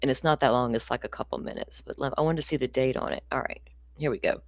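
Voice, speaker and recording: A woman's voice: extremely low pitch, animated, quick pace, no room sound. A middle-aged woman, hosting a casual true crime livestream in a rambling, profane, ranty way.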